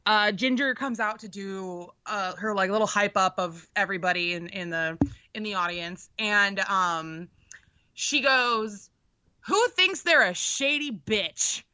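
A young woman co-hosting a podcast, telling an animated, profane story in casual chat. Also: medium pitch, unhurried, smooth. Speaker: podcast co-host. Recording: dull lo-fi sound.

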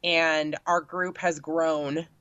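Young woman, casual chatty guest, lowish voice, lo-fi dry sound. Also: extremely slow, smooth, no echo. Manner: chatty, lots of filler words, animated when quoting. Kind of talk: casual chat. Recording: dull lo-fi sound.

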